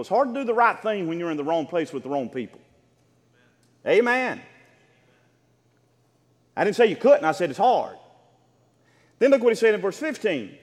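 A man's voice: sits high, big pitch swings, normal speed, pauses often, in a large hall. A man preaching a sermon with impassioned, rhythmic delivery, reading scripture and addressing the congregation.

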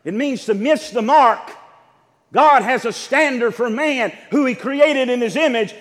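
High-pitched preacher man, emphatic sermon, long hall reverb, asks the crowd questions. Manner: emphatic preaching with rising shouts and drawn-out words; calls out questions to the congregation. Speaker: pastor.

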